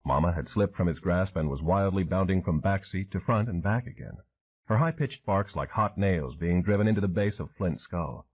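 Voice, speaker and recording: A man's voice: low voice, normal speed, breathy edge. A man narrating an audiobook thriller with dramatic storytelling. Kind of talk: scripted narration. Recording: tinny phone-like audio.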